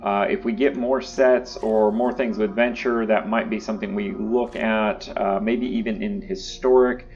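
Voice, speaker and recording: A man hosting his own channel, talking through card decks in a casual, relaxed way with lots of uh and um fillers. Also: on the low side, muffled recording. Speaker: YouTube channel host. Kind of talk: casual deck-building commentary.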